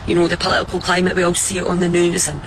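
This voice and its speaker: A Scottish woman giving a heartfelt, grateful message to a city, speaking with emotion and halting restarts. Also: on the low side, monotone, noisy background. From Scotland. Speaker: visitor addressing a city. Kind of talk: heartfelt address to the public.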